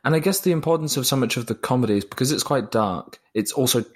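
A man's voice: mid-range voice, animated, fast talker. A man discussing a film in a thoughtful, hesitant way, often repeating words as he talks.

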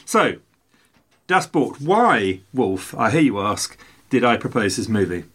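Jokey man with a lively voice. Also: lowish voice, unhurried, husky. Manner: jokey, rambling, self-mocking anecdotes. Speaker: podcast co-host. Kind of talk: casual podcast chat.

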